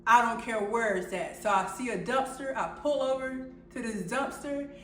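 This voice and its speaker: A young adult woman telling a personal story to her viewers in an animated way, laughing at herself and getting louder as she relives moments of panic. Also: on the high side, normal speed, slight background noise. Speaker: vlogger. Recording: echoey room, a bit far from the mic.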